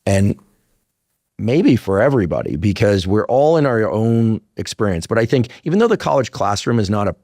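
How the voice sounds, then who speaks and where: A man's voice: on the low side, very animated, normal speed, mellow, dry recording, studio quality. A man in his fifties hosting an interview, talking casually with restarts and blunt opinions. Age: 50s. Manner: talkative, thinks aloud with restarts, blunt opinions. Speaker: podcast host.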